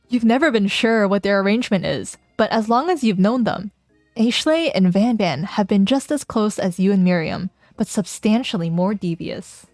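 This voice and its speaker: A woman's voice: mid-range voice, lively intonation, moderate pace, no room sound, studio quality, faint music behind. A woman streamer reading a dating game aloud in a playful, casual way, chatting with her viewers between lines. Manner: playful, laughs often, reads game text aloud.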